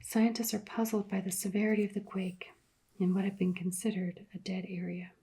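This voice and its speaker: A woman's voice: mid-range voice, flat delivery, brisk, warm tone, breathy edge. Woman whispering as a male radio announcer, whispered role-play. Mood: sober. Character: male radio news announcer, matter-of-fact.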